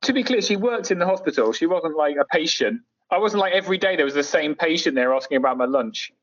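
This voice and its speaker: Sardonic middle-aged man, fairly high voice. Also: expressive, fast talker, fairly bright tone, muffled recording. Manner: sardonic, jokey storyteller. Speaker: podcast guest. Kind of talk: casual chat.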